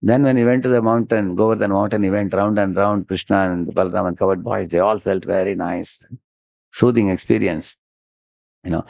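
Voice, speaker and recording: A man with an Indian English accent gives a devotional lecture, telling stories in an animated way and prompting listeners with "huh?". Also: low-pitched, fairly quick, creaky, dry recording. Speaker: spiritual teacher giving a lecture. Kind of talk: devotional sermon with storytelling.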